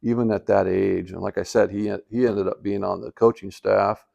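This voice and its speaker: A man's voice: on the low side, steady tone, moderate pace, vocal fry, a little mellow. An older man in retirement telling a personal story in a casual, rambling way, with many fillers and restarts. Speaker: vlogger telling life stories.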